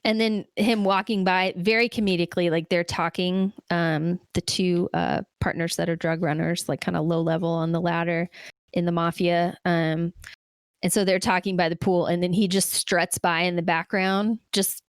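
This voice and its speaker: Chatty low-voiced woman podcaster. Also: little pitch movement, normal speed, clean tone, dry recording, clean studio sound. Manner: chatty, rambling with many fillers. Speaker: podcast co-host. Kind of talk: casual movie review chat.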